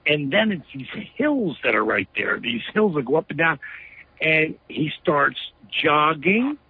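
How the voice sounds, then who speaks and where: Man, interview guest, very husky, emphatic storyteller, dry tinny phone line. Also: on the high side, sing-song, a little slow, no room sound. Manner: emphatic, lots of "you know" fillers.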